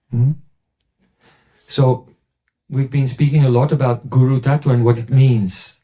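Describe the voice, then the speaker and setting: A man giving a devotional talk, telling a story and quoting others in a lowered voice. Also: fairly even intonation, measured pace, pauses often, mellow. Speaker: spiritual teacher.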